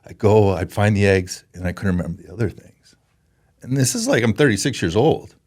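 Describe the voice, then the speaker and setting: Low-voiced emotional Canadian-raised man. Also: expressive, a little mellow. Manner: earnest and emotional, halting with restarts. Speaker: podcast guest, former pro hockey player. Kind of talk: candid interview talk.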